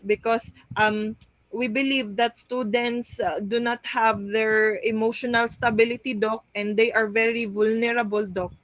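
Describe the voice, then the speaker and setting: A woman's voice: on the high side, fairly even intonation, measured pace, a bit bright, no echo, poor audio. A young woman giving a class report, hesitant, with frequent fillers and restarts as she reads out points. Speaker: student presenting a class report.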